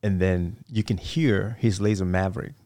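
Deep gravelly man telling war stories. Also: fairly even intonation, moderate pace, warm tone, no room sound. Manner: rambling, many fillers and restarts. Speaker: guest, retired Marine officer. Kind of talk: casual interview storytelling.

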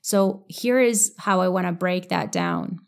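A woman's voice: lowish voice, wildly swooping pitch, a little slow, creaky. A woman hosting a podcast, telling a personal story in an earnest, reflective way, with many "like" fillers. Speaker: podcast host and coach.

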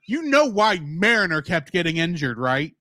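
This man co-hosts a podcast in a casual review chat about a TV episode, his high-pitched voice captured with studio clarity and no echo. He's animated, acting out character lines in quick voices.

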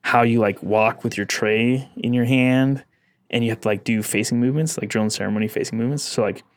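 Casual podcast co-host, man, animated storyteller who laughs a lot, mid-pitched, dry close-mic sound. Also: a little fast, no room sound. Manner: animated storyteller, laughs often, acts out yelling.

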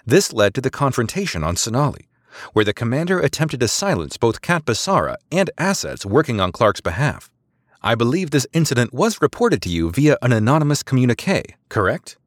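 A man's voice: mid-range voice, big pitch swings, brisk, no room sound, studio quality, voice pushed up, natural voice. A man voicing a formal, coolly confident female naval lieutenant in an audiobook, in a raised, precise voice.

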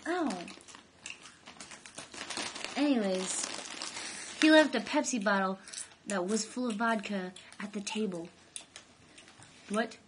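Teenage girl chatting loosely on a homemade video, giggling and rambling with plenty of "like". Her voice sits at an ordinary pitch for a young woman. A faint hiss of background noise runs under the recording. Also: slow, pauses often. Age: high school senior, late teens. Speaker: vlog co-host. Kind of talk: casual chat.

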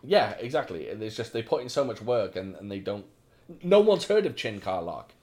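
Animated, opinionated man chatting. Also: lowish voice, moderate pace. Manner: chatty, opinionated, swears casually. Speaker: podcast co-host. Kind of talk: casual film discussion.

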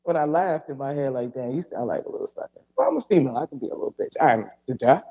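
A man hosting a podcast, telling a story in a casual, profane and animated way and acting out the dialogue. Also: medium pitch, fast, husky, muffled recording. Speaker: podcast host.

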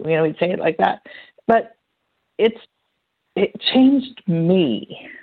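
Speaking slowly with long pauses, a female interview guest with a mid-range, slightly rough voice shares stories in a chatty, animated way, acting out quotes along the way. The sound is narrow and phone-like.

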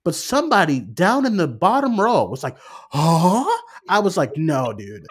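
A young man on a casual review podcast, telling a story with lots of energy and swearing freely. His voice sits a little high and leaps up and down, and he acts out his own reactions as he goes. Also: sing-song, unhurried, slightly rough. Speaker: film review podcast co-host. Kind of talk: casual chat.

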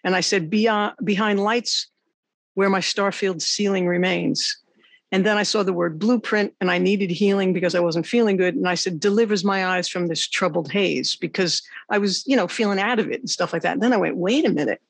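A woman hosting an interview, a songwriter and teacher, telling animated, rambling stories in casual chat. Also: medium pitch, a little fast, vocal fry, no room sound.

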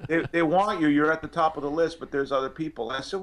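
A man's voice: fairly high pitch, fast talker, a bit bright. A male actor telling anecdotes in an interview, rambling with many restarts and fillers. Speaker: actor guest.

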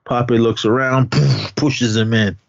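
A man's voice: fairly even intonation, unhurried, gravelly, dry recording, dull audio. A man casually recapping a film's scenes on a podcast, acting out the characters' lines and laughing often. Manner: retells scenes, quoting characters in pitched-up voices, laughs often. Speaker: podcast co-host.

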